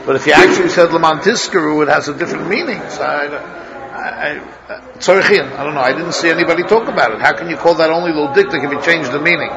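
A man's voice: on the high side, fast, highs cut off, crowd noise. A man teaching a Torah study class as a rabbi, thinking aloud, asking his students questions and restarting his sentences often.

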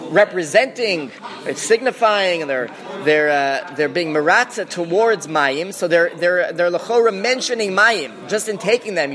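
Man teaching a Talmud class, slightly high voice. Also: a bit bright. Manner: thinking aloud with restarts and Hebrew-Aramaic terms.

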